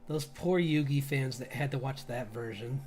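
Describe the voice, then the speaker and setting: A man's voice: mid-range voice, normal speed, a little mellow, faint music behind. A man streaming his drawing session, chatting casually, rambling and laughing often between remarks. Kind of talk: casual live-stream chat.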